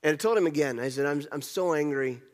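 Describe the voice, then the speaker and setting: A man's voice: medium pitch, lively intonation, unhurried, a bit bright, big-room sound. A man playing Jonah as an angry, sulking prophet, telling his grievances in the first person in a sermon monologue. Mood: angry, despairing. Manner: petulant, exasperated storytelling in first person.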